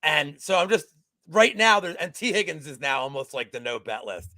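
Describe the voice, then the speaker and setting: Excitable gravelly man talking sports bets. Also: on the high side, moderate pace, no echo, studio quality. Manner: profane, excitable, swings between loud outbursts and mumbling. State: recovering from a cold. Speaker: co-host. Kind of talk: casual sports betting chat.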